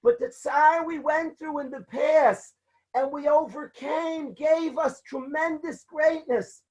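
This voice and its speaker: A man's voice: very high-pitched, steady tone, slow pace, lo-fi sound, pitched above the performer's own voice. A man voicing a suffering old sage who declaims fervently, in a sermon retelling.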